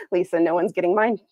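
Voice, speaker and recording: A woman's voice: on the low side, mellow, dry recording, dull audio. A woman hosting a casual livestream product reveal, chatty and upbeat, laughing often. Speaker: planner shop owner hosting a livestream. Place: Arizona.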